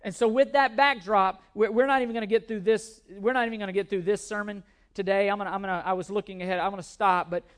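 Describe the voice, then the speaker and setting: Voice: medium pitch, fairly even intonation, fast talker. Brief: pastor in mid-sermon, emphatic, hammers key words, jokes at own expense. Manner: self-deprecating humor.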